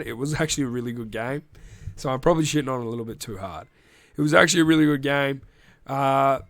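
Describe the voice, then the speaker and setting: A man's voice: mid-range voice, dry recording. An Australian man hosting a casual sports recap podcast, rambling, joking and swearing freely. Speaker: podcast host.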